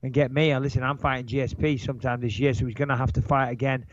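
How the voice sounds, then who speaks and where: A man's voice: mid-range voice, quick pace, no room sound, highs cut off. A man in his thirties from just outside Manchester, with a nasal Manchester accent, talking brashly and profanely on a casual podcast. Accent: Manchester English. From England. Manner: brash and profane, with lively impressions. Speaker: podcast host.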